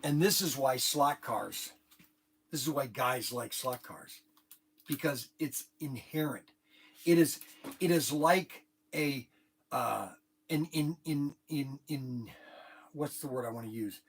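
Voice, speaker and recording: A middle-aged man who owns a hobby shop, telling an animated, rambling story to the camera with lots of restarts. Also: medium pitch, slow pace, slightly rough. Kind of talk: casual talk to camera.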